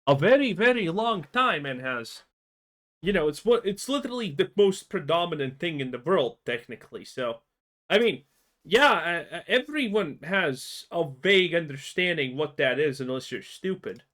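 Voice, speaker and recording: A man's voice: a little high, animated, moderate pace, fairly bright tone. A man giving mocking, sarcastic reaction commentary, stammering as he rants.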